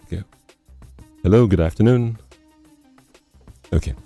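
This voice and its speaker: A man hosting a radio health talk show, speaking in a measured way and often repeating and summing up his guest's points. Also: fairly low pitch, dark tone, soft background music. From Nigeria. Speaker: radio host.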